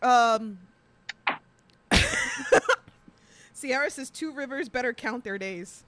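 Giggling high-voiced woman podcast host. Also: slow, a bit bright, dry recording. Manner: giggly, laughs constantly, reads chat comments aloud. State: laughing to tears. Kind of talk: casual chat.

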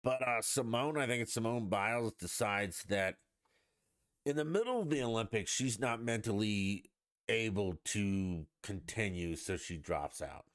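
A man's voice: lowish voice, animated, unhurried, fairly bright tone, dry recording, studio quality. A man hosting a podcast, ranting in a blunt, profane and mocking way in a casual monologue. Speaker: podcast host.

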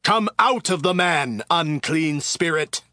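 Casting: a man voicing a solemn, commanding Jesus for a scripture audio drama, raised and varied pitch, slow and deliberate. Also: big pitch swings, a bit bright, no echo, clean studio sound, full character voice. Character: calm authoritative male teacher, Jesus.

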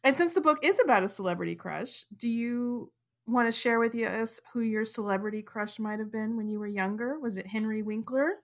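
A woman hosting a casual interview, enthusiastic and quick to laugh. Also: on the high side. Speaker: interview host.

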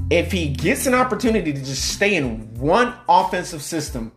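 A man hosting a casual sports podcast. He reads off player names and positions in a steady list, hesitates over hard names with "um", and drops in quick asides. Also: on the high side, faint music behind. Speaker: podcast host.

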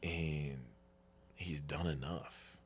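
A tearful man in his thirties with a very deep voice shares his faith story. He talks in halting, tender bursts and restarts his sentences often. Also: fairly even intonation, husky. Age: 30s. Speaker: podcast guest. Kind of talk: emotional faith testimony.

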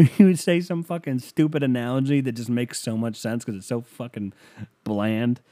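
A man's voice: mid-range voice, moderate pace, warm tone. A man hosting an audio podcast in a casual comedic monologue, swearing often and laughing at his own jokes. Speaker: podcast host.

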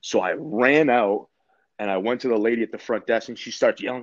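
A man's voice: medium pitch, brisk, dry recording. A man in his twenties from Canada, telling a story in a laid-back way, full of swearing and filler words. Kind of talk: casual storytelling. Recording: dull, slightly muffled dry recording.

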